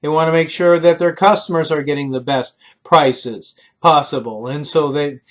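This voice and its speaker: A middle-aged man with a somewhat high voice delivers a short recorded lecture on ethics. He talks earnestly, leans on personal stories, and often restarts with fillers. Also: fairly even intonation, moderate pace, a bit bright. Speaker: leadership lecturer.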